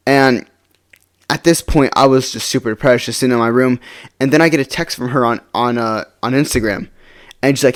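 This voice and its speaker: Male vlogger, mid-pitched, casual storytime, rambling and restart-heavy, mumbles low when glum. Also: fairly even intonation, fairly quick. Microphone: face-cam setup.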